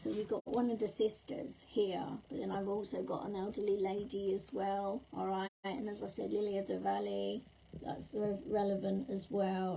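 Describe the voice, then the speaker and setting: A woman, a psychic medium, chatting warmly with viewers during a livestream reading while her throat is sore and scratchy. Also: mid-range voice, gravelly, slightly rough. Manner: chatty and affectionate, calls viewers lovely and darling. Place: at home.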